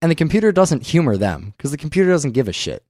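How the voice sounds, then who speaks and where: A man's voice: on the high side, sing-song, quick pace, a little mellow, no room sound, clean studio sound. A man hosting a film podcast in casual discussion, emphatic and opinionated, swearing often. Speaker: podcast host.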